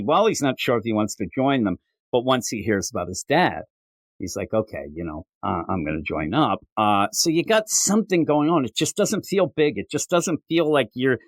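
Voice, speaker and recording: This is a male comic book podcast co-host in relaxed conversation, rambling and self-mocking. His pitch shoots up whenever he quotes anyone, and the recording is dry.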